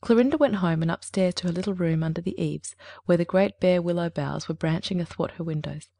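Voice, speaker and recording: A woman narrating a storybook at a measured pace. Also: on the low side, gravelly, mellow, no echo, clean studio sound.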